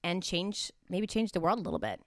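A young adult woman co-hosting a casual chat, talking in a relaxed, rambling way. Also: lowish voice, fairly quick, no room sound, studio quality. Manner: relaxed, rambling, with fillers and restarts. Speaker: podcast co-host reading horoscopes.

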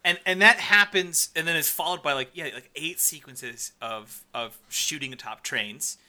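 A man's voice: on the high side, normal speed, sharp tone. A man co-hosting a casual film-review chat, exasperated and swearing for emphasis.

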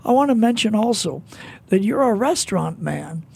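A high-pitched man with a gravelly, husky voice hosts a radio broadcast. He talks in a folksy, affirming way, praising his guest's story. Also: lively intonation, normal speed, a little mellow. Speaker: radio host. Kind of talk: radio interview.

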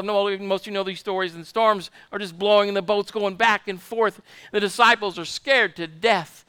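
A man's voice: high voice, bright, forceful tone, clean tone, no echo. A man preaching a fervent sermon, repeating his points and asking the congregation for amens. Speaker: pastor.

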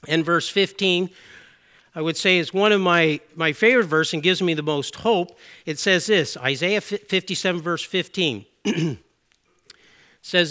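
A man's voice: sits high, sharp tone. A middle-aged man from Canada preaching a sermon in an earnest, conversational way, with asides and self-corrections.

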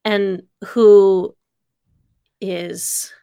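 A woman's voice: medium pitch, fairly even intonation, drawn-out words, warm tone, clean tone, no room sound, clean studio sound. A woman chatting casually with friends in a comedy chat, earnestly setting up questions for the group.

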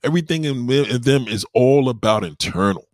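Man, casual dating-advice monologue, streetwise and profane, swooping lively pitch. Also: normal speed, no room sound, studio quality. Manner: animated, profane, streetwise slang; keeps asking "you know what I mean". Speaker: vlogger giving dating advice.

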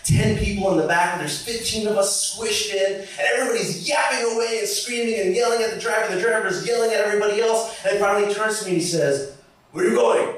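A man telling a story on stage, animated and swearing, often laughing as he talks. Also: sits high, fast talker. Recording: echoey hall, distant mic.

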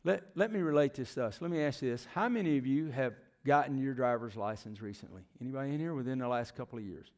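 A man's voice: mid-range voice, fast, few pauses, a little mellow. A middle-aged man preaching a sermon. He questions the congregation and often drops to a near whisper. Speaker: preacher, former youth minister and missionary.

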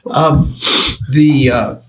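A man's voice: medium pitch, fairly even intonation, extremely slow, muffled recording, a little hiss or hum. A man leading a small group discussion, talking in an encouraging way and asking questions. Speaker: group leader. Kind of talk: casual teaching in a group chat.

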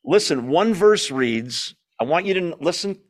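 A man's voice: a little high, animated, moderate pace. A man leading a Bible study, teaching in a conversational, emphatic way, asking his listeners questions and making small jokes.

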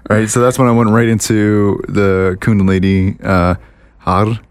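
A man co-hosting a casual podcast chat, telling stories with lively mimicry and frequent laughs. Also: lowish voice, unhurried, clear, resonant tone, no echo. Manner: animated storyteller, mimics voices and laughs often. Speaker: podcast co-host.

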